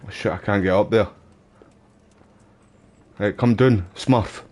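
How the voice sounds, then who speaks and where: Scottish male streamer, casual and foul-mouthed, fairly low voice, talks gameplay with chat. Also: takes it slowly, darkish tone. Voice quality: laid-back, swears casually, calls viewers mate and bro. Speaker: gaming live streamer.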